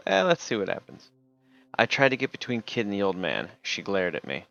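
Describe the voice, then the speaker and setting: A man's voice: fairly low pitch, huge pitch swings, a little fast, gravelly, fairly bright tone, no room sound, muffled recording, faint music behind. A man streaming, reading a text game aloud and casually remarking between passages. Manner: casual, reads narration then remarks.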